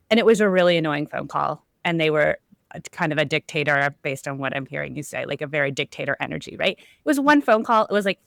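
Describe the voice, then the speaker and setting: A woman hosting a relaxed podcast chat, her voice sitting on the lower side. She talks in a loose, chatty way, full of fillers and restarts, and the sound is close and dry. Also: vocal fry, no room sound. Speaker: podcast host. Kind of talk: casual conversation.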